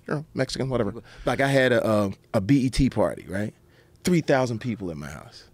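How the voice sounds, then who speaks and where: Man guest, lively anecdotal storyteller, dry sound. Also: lowish voice, fairly quick, no room sound. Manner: animated, anecdotal, frequent voice switches. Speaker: podcast guest. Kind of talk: storytelling podcast chat.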